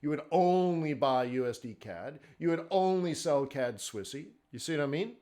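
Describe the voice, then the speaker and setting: This forex teacher's voice is fairly high and mellow, animated, at a moderate pace. Leading a live webinar, he keeps a conversational tone, asking rhetorical questions and frequently adding "okay?" and "right?".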